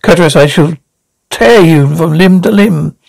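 A man's voice: on the high side, creaky, a little mellow, no room sound. A man reading as a brutish comic-strip strongman villain. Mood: threatening. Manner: halting, stumbling over words.

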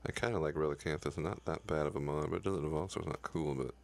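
Gravelly low-voiced gaming man, swearing. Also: fairly even intonation, quick pace. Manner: frustrated, swearing at the game. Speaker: gaming YouTuber. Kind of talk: profane Let's Play commentary.

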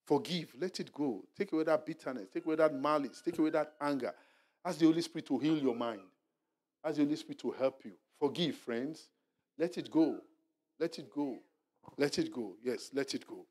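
A male pastor leading a Bible study sermon, animated and exhorting, repeating his points and dropping to a hushed murmur for soft asides. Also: a little high, moderate pace. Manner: animated preaching, drops to a hushed murmur when acting out apologies; repetitive, exhorting. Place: church hall.

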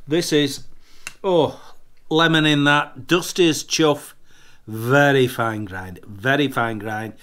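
A man's voice: medium pitch, slow, a bit bright. A tipsy man hosting a casual product review, boisterous and jokey, swearing freely as he chats. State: tipsy from drinking. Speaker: snuff reviewer, channel host.

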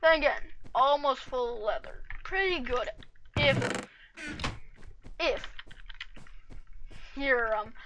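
A woman's voice: high-pitched, lively intonation, takes it slowly, pauses often, muffled recording, noisy background. A woman giving cocky, trash-talking commentary over her own gameplay as host of a gaming channel.

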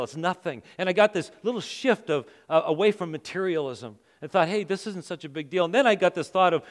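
A middle-aged pastor preaches in a large church, his fairly high voice carrying a long hall reverb. He tells stories in a lively way and voices his own inner thoughts as he goes. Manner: storytelling, acts out his own thoughts with rising intensity. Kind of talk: sermon. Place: church auditorium.

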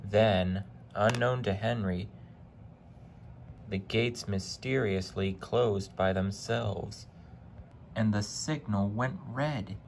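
A man narrating a children's train story in a deliberate storytelling manner. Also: on the low side, vocal fry, a little mellow, slight background noise.

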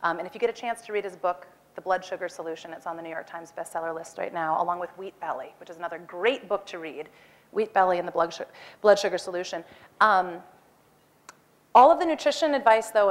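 Woman, forties, stage talk, lively storytelling, acts out her own lines. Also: medium pitch. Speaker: speaker. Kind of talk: animated personal storytelling talk.

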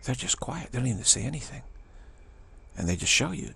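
A man's voice: medium pitch, sing-song, a little fast, gravelly, sharp tone, slightly rough. A man giving a rambling, emphatic spiritual talk as a teacher, often dropping into whispers. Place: Bay Area, California.

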